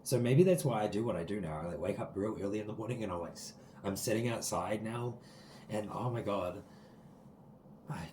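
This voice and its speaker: A man's voice: lowish voice, dark tone, echoey room, a little hiss or hum, low-quality recording. A man giving a spiritual tarot reading to his viewers from outdoors, talking in an earnest, rambling way full of likes and ums. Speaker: tarot card reader. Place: sitting outdoors.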